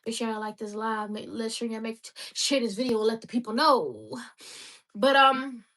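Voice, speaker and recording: A woman's voice: a little high, lively intonation, normal speed, fairly bright tone. A woman in her twenties chatting casually and rambling on a livestream, laughing often. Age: 20s.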